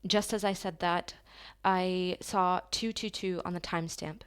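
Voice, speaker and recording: A woman giving a channeled tarot reading to her viewers, talking softly and slowly in an affirming way, with long pauses. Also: on the low side, fairly even intonation, smooth. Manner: soft, slow and affirming, with drawn-out pauses.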